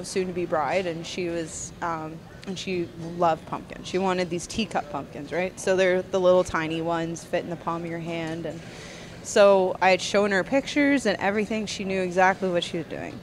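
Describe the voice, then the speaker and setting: A woman's voice: on the low side, normal speed, slight background noise. A woman, a guest farmer chatting in an interview at a busy convention hall, with lots of fillers. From Ontario, Canada. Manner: chatty, frequent fillers and laughs. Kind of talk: casual storytelling interview.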